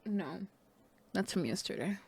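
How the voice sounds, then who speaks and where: Crude joking woman, gravelly low tone. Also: animated, unhurried, a little mellow. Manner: crude, joking, often half-whispered. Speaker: streamer. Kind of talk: casual live-stream chat.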